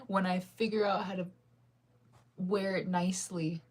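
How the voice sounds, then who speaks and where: A woman's voice: on the low side, little pitch movement, unhurried, slight background noise. A young woman chatting casually to her viewers, rambling and indecisive, laughing often as she talks things through. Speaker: vlogger.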